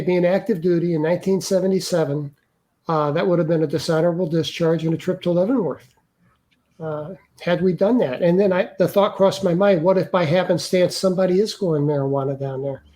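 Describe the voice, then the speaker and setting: An older man, an interview guest, earnestly recounting a personal experience in a halting way with many restarts. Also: high voice, darkish tone. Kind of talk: personal storytelling.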